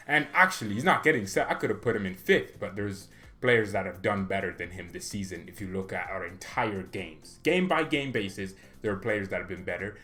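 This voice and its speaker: A man's voice: on the low side, a bit bright. A man hosting a fan channel, giving rambling, casual football commentary full of fillers. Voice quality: rambling, chatty, filler-heavy.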